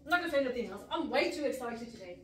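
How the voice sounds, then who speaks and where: A woman's voice: fairly high pitch, lively intonation, very fast, a bit bright, slight background noise. A middle-aged woman vlogger of heritage, chatting to camera, laughing often and mixing in Punjabi words. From Mirpur, Pakistan heritage, living in the UK. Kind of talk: casual chat to camera. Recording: echoey room, mic at a distance.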